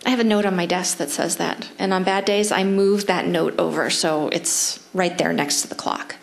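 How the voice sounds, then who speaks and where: A middle-aged woman with a Canadian English accent gives a mindfulness seminar. Her voice sits at an ordinary pitch and moves animatedly, with playful asides. When she guides breathing, she slows into soft, calm instructions. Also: gravelly, slight background noise. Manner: lively, animated, acts out her inner voice; slows to soft, near-whispered guidance during breathing practice. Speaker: psychology professor leading a seminar.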